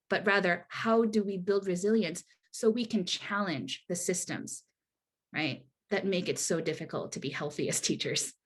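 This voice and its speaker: Woman on a video call giving a workshop talk, earnest, chatty, keeps checking in with "right?". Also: on the low side. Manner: earnest, conversational, many restarts and rhetorical "right?". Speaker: workshop presenter.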